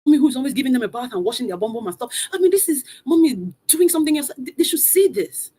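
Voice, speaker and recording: Husky, high-voiced woman coach rallying an audience. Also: quick pace. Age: adult mother of three. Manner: energetic, urging, repeats calls to the audience. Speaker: motivational coach hosting a virtual event. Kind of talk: live online motivational session. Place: room at home, not a studio.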